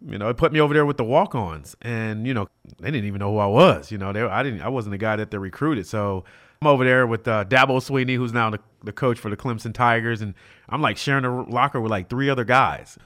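A middle-aged man from South Central Los Angeles spins stories as an interview guest, sprinkling in "you know" and "like." His voice sits at an ordinary middle pitch. He slips into the quoted lines of other people as he goes. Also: fast. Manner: animated, acts out quoted dialogue, many fillers like "you know". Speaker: guest, former college football player. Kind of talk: storytelling in a casual interview.

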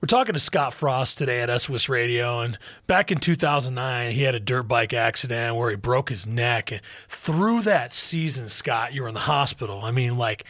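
A man hosting a radio interview, asking questions in a measured, conversational way. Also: medium pitch, fairly bright tone, dry recording, clean studio sound. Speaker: radio show host.

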